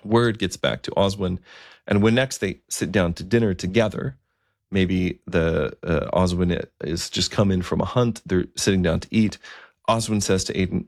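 A man telling a historical story in a relaxed, conversational way, with asides and fillers. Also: deep voice, normal speed, vocal fry, dry recording, clean studio sound.

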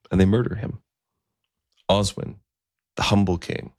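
A man telling a historical story in a relaxed, conversational way, with asides and fillers. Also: deep voice, creaky, no echo, studio quality.

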